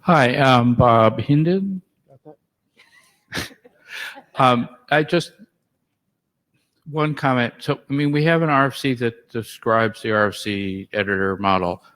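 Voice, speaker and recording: Man asking a halting question at a meeting. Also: medium pitch, a bit bright. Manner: hesitant, halting phrasing. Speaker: attendee asking a question at the floor mic. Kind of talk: meeting discussion.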